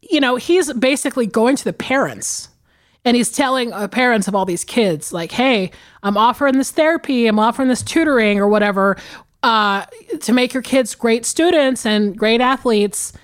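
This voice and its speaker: A woman's voice: fairly high pitch, normal speed. A woman in her forties co-hosting a podcast, chatting casually about movies with lots of profanity and laughter. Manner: animated, profane, laughing storyteller. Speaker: podcast co-host.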